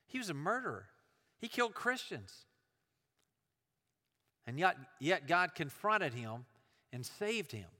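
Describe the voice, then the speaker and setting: A man's voice: on the high side, sing-song, measured pace, long pauses, sharp tone. Man preaching in a reverberant hall. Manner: earnest, building emphasis with repetition. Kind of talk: sermon.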